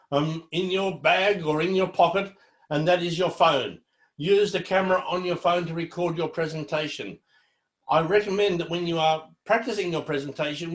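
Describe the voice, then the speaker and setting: A man's voice: sits high, reverberant. A man presenting a student seminar in a friendly, encouraging, conversational way.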